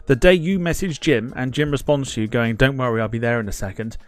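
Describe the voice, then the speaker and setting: A man's voice: medium pitch, quick pace, faint music behind. A man hosting a live football watchalong stream, chatting casually, greeting viewers in the chat and laughing at himself as he rambles.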